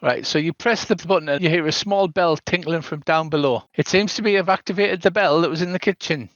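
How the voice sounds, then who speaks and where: A man's voice: on the high side, a little fast, a bit bright, dry recording. An older man running a tabletop game as game master, narrating the scenes at length and now and then adding "so there is". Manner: descriptive, tosses in "so there is". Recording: dull lo-fi dry sound.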